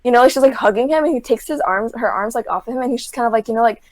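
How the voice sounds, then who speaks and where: Speaking rapid-fire with a fairly high pitch, this podcast guest is a young woman breezily recapping a reality show. Her talk is crammed with "like," and she performs the quotes as she tells it. There's no room sound.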